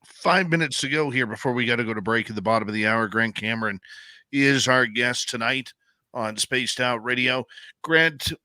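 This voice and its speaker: A man hosting a radio show, questioning his guest in a brisk, businesslike way. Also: mid-range voice, bright, forceful tone, dry recording. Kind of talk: radio interview.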